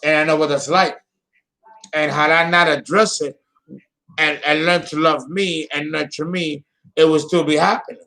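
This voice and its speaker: A man's voice: a little high, fairly even intonation, moderate pace, creaky, pushed and bright. A man in his fifties giving a theatrical, exclamatory solo astrology talk. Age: 50s. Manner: dramatic, exclamatory, laughing.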